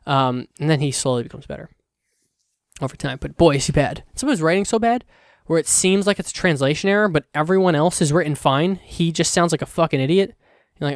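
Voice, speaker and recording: A young man chatting alone into his podcast mic, rambling and loose, full of fillers and restarts, with a casual curse here and there. His voice sits a little high and comes across smooth and clean. The sound is dry and close, with no room echo. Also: lively intonation, quick pace. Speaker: podcast host. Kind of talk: casual solo podcast chat.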